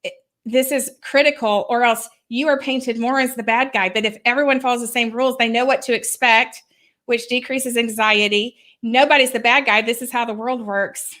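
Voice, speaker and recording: A woman's voice: fairly high pitch, fairly even intonation, moderate pace, fairly bright tone. A woman speaking as a parenting expert on a live stream, earnestly explaining with examples and sample scripts. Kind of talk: advice talk on a live stream. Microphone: online video call.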